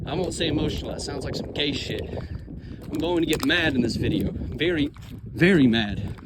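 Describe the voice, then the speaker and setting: A man's voice: a little high, animated, moderate pace. A young man vlogging outdoors while he walks by water, telling his life story in a frustrated, venting, swearing way. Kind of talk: personal story vlog while hiking. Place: outdoors by water, walking a trail. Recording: outdoor recording with loud wind and water noise.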